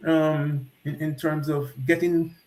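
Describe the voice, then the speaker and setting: A Jamaican man with a noticeably high voice, a festival founder interviewed on a talk show. He talks in an animated, storytelling way, often restarting his sentences, and his voice rings in an echoey room. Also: slow.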